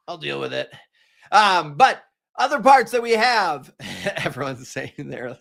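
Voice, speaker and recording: A man from Minnesota with a Minnesotan accent, a teacher giving a chatty, energetic live exam review to viewers. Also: on the high side, a little slow, gravelly. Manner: casual, chatty, energetic, talks straight to the viewers.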